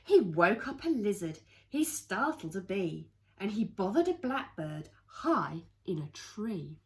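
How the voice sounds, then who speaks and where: Slow, lively woman reading a picture book. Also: medium pitch. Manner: expressive sing-song rhyming read-aloud with playful asides. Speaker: children's storyteller.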